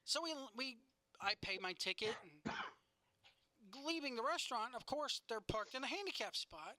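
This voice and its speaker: Bright, animated swearing woman. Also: a little high, moderate pace, no room sound. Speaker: podcast co-host. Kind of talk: casual chat.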